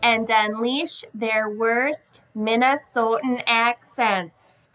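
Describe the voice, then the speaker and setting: A woman's voice: fairly high pitch, very slow, faint music behind, rough recording. A young woman co-hosting a podcast in casual, giggly chat. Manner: giggly, animated storytelling. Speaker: podcast co-host.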